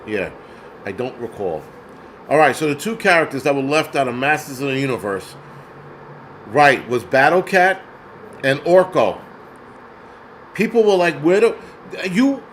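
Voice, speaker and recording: A man's voice: medium pitch, fairly bright tone, a little hiss or hum, low-quality recording. Rambling, cursing man film host. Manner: rambling, profane, searches aloud. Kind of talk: casual livestream commentary.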